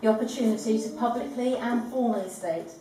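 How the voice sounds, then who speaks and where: A woman leads a wedding ceremony in a composed, gently humorous address. Her voice sits a touch high. She is caught from a distance, with heavy room echo and a faint background hiss. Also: brisk. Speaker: wedding celebrant. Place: large echoing room at a ceremony. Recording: echoey room from far off.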